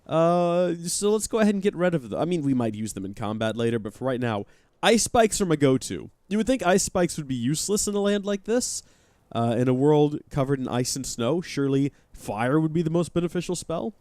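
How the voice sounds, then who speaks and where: A man's voice: on the high side, lively intonation, a little fast, a little mellow, no room sound. A man chatting and joking while playing a game live, talking to his viewers. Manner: chatty, joking, reads chat aloud. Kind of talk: live let's-play commentary.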